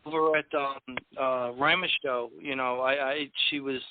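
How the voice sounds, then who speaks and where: A man hosting a live poetry call-in show, chatting in a halting way with lots of repeated words and fillers. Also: medium pitch, fairly even intonation, dry recording. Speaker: host. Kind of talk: casual chat. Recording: tinny phone-like line.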